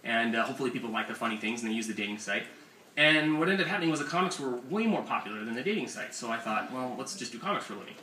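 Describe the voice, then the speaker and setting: A man's voice: medium pitch, expressive, racing, pushed and bright. A young man and comics author telling profane, self-mocking comic stories at a bookstore presentation. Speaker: comics author giving a talk. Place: bookstore event space, indoors. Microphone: audience camera far from the speaker. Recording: roomy, distant audience recording with ambient noise. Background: room ambience.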